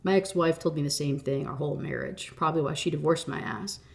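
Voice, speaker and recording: A woman's voice: low voice, fast, creaky, pitched below the performer's own voice. A woman voicing a laid-back, wry middle-aged drifter man as she reads a novel aloud.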